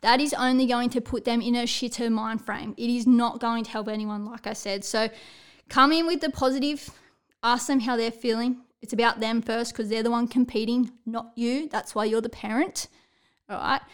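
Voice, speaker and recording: A woman's voice: on the high side, steady tone, normal speed, clear, resonant tone. A woman sports coach, giving a blunt, motivational talk to camera, swearing casually and checking in with "all right?".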